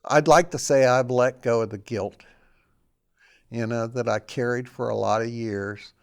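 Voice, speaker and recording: Gravelly older man telling his story. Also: mid-range voice, fairly even intonation, measured pace. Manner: plain-spoken, reflective, quotes others in his telling. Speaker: interview guest. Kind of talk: personal recovery story.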